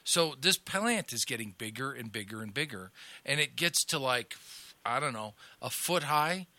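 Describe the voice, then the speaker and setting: Bright, sharp-toned middle-aged man from Illinois. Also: medium pitch, expressive, moderate pace. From Illinois, USA. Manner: rambling, anecdotal, laughs at his own stories. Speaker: radio talk host and comedy club owner. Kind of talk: casual storytelling chat.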